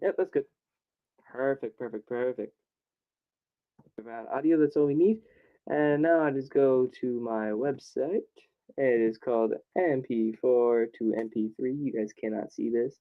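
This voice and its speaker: A man's voice: medium pitch, normal speed. A man rambling and thinking aloud in casual self-talk while recording a hobby video. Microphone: laptop or computer mic. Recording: tinny phone-like audio.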